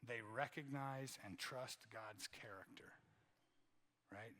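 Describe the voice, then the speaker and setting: In a church sanctuary, a pastor preaches conversationally, often tagging lines with "right?" and repeating phrases for emphasis. His medium-pitched voice is slow, bright, and forceful, with a long reverb tail.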